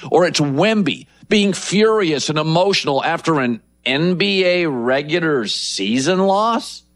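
A middle-aged man hosting a sports talk show, delivering an emphatic opinion monologue that builds lists for effect. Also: high-pitched.

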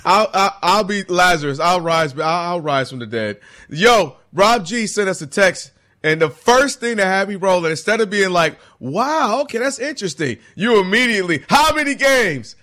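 Bright, playful male sports co-host. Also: sits high, animated, moderate pace. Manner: playful, teasing. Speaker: sports talk show co-host. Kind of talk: casual sports banter.

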